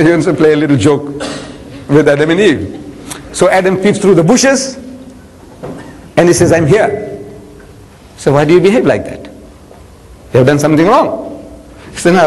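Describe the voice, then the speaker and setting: With long pauses and a moderate pace, an older man lectures on religion, his slightly high voice animating the stories and playfully voicing each character. The hall's reverb is long.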